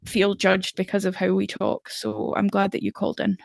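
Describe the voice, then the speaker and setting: A woman co-hosts a casual podcast, offering soft-spoken sympathy. Her voice has a gravelly fry, and the recording is dry and close. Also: mid-range voice, level tone, moderate pace, no echo. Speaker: podcast co-host.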